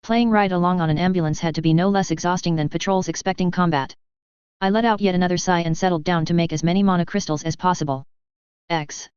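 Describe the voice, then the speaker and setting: A woman narrating a first-person story in a steady, even reading voice. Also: lowish voice, quick pace, smooth, dry recording. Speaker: fan fiction reader. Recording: dry, slightly dull lo-fi recording.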